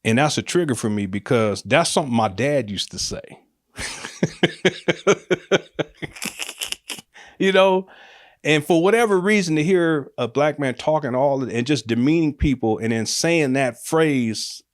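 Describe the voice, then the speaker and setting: Middle-aged male storyteller, casual and animated, frequent laughter. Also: a little high, a little slow, long pauses, no echo, clean studio sound. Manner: animated, laughs often, acts out quotes with raised voice.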